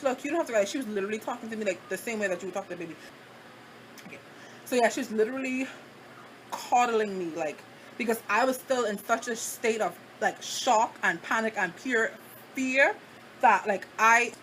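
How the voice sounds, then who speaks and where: A woman's voice: medium pitch, fairly bright tone, a little hiss or hum, rough recording. A woman vlogger telling a personal story in a dramatic, chatty way, full of "like" fillers. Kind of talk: casual storytime.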